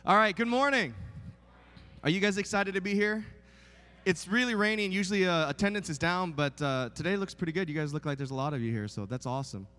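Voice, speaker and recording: A man's voice: high voice, quick pace, pushed and bright, smooth. A man in his thirties preaching a sermon as a guest, telling funny stories in a chatty, self-mocking way with lots of fillers. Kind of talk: joking storytelling sermon. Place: large church sanctuary. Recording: long hall reverb in a big church.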